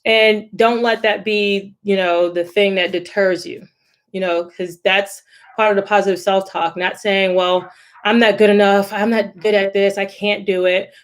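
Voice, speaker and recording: A woman's voice: mid-range voice, little pitch movement, measured pace. A woman speaking casually and encouragingly about stress management, with lots of conversational fillers. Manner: encouraging, conversational, many "you know" fillers. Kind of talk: informal self-help talk.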